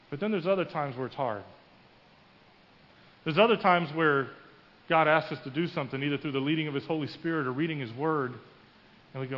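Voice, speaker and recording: A man's voice: a little high, a little fast. Man preaching in a reverberant church. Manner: storytelling, acting out quoted voices with rising emphasis. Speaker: pastor. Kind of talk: sermon. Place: church sanctuary. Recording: muffled with long hall reverb.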